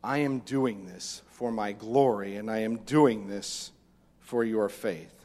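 A man preaching a sermon as pastor, animated, acting out voices from the text. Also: lowish voice, takes it slowly. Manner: animated, acts out the disciples' lines. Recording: long reverb of a hall.

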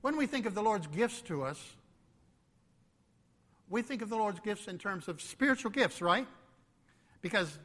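Male pastor, high voice, slow emphatic sermon, long reverb. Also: lively intonation. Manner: preaching with slow emphatic phrases and sudden drops to quiet.

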